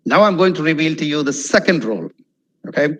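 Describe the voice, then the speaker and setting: Animated man drilling English pronunciation. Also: on the high side, fairly quick, rough recording. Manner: animated, repeats words for drill, checks in with "okay?". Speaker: webinar speaker on spoken English. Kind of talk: online lecture. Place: webinar, video call.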